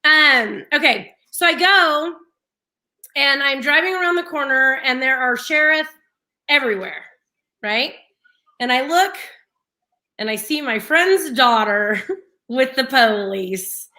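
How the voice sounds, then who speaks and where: A woman's voice: sits high, takes it slowly, pauses often. A young adult woman co-hosting a radio show, telling a story animatedly and laughing often as she acts out what people said. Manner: animated, laughs often, slips into quoted voices. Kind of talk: casual morning-show storytelling.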